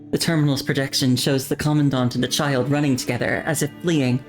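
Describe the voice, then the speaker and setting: A woman streamer narrating a game story aloud with slow, deliberate pacing and wry asides. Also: a bass voice, steady tone, faint music behind. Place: home streaming setup.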